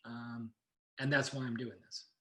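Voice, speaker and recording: A man's voice: medium pitch, flat delivery, unhurried, fairly bright tone. A man teaching ki and meditation in an informal online lecture, talking loosely with digressions and restarts. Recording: echoey room.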